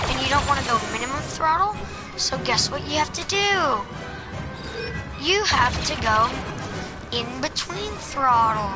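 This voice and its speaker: A woman giving casual gameplay tips over a headset, hesitant and full of ums and restarts. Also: a little high. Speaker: gameplay commentator. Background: game music and sound effects.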